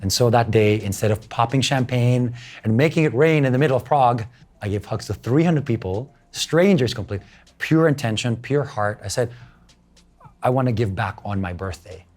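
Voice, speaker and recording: A man's voice: medium pitch, normal speed. A middle-aged man from the Philippines, a guest in an interview, telling his story in English with Tagalog phrases mixed in and acting out what other people said. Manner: animated, acts out other people's lines.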